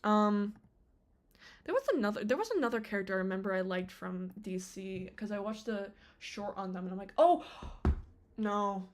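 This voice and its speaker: A woman's voice: medium pitch, lively intonation, normal speed. A young woman streamer chatting casually on a live stream, rambling with many fillers and restarts.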